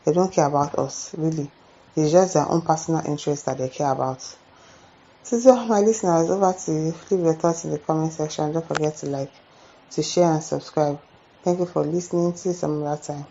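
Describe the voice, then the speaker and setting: A woman's voice: deep voice, fairly quick, lo-fi sound, slight background noise. A woman with a Nigerian accent hosts a commentary channel, reading viewer comments aloud and reacting with exclamations and "eh?" asides. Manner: animated, exclaims and adds asides like "eh?".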